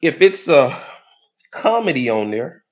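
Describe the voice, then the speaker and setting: A man giving a preachy, animated motivational talk as a life coach, acting out the voices of people he quotes. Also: a little high, measured pace, highs cut off. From United States.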